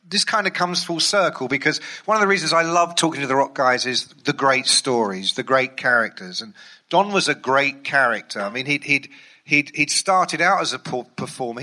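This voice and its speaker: A man's voice: fairly high pitch, pushed and bright. A man, a music journalist and ghostwriter, telling rambling, amused anecdotes. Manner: rambling, amused, many fillers and restarts. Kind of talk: anecdotal storytelling.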